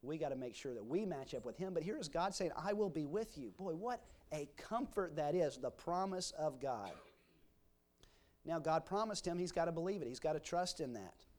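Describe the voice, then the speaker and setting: A man's voice: on the high side, animated, moderate pace, darkish tone. A man preaching a sermon, reading scripture aloud and explaining it with folksy everyday examples. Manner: reads scripture aloud in King James wording. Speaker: pastor. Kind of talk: expository sermon.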